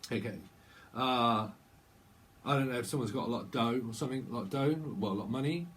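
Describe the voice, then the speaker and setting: A man's voice: medium pitch, quick pace, a bit bright, a little hiss or hum. A middle-aged man doing a casual, rambling tarot channeling monologue. He jumps playfully from word to word and laughs often. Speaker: tarot reader.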